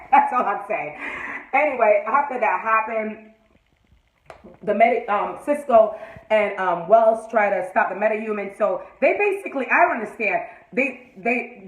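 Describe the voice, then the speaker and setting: A woman giving an excited, profane fan review of a TV episode, acting out the scenes and laughing often. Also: on the low side. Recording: echoey room.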